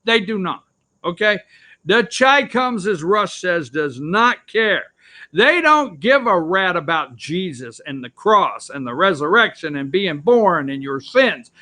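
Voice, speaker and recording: A man's voice: sits high, big pitch swings, a little slow, pushed and bright. A man hosting a political opinion show, ranting sarcastically about the news from an office. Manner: ranting, sarcastic, repeats himself.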